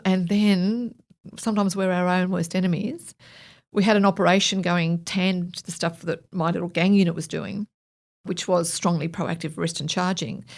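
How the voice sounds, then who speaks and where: A woman's voice: fairly low pitch, vocal fry. A middle-aged woman and former police officer, telling stories as a guest in an interview, acting out quoted dialogue with frequent laughter. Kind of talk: storytelling in a podcast interview.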